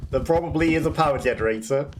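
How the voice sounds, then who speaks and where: A man's voice: a little high, slight background noise. A man casually commentating on his gameplay as a let's play host, chatting freely and laughing often between remarks.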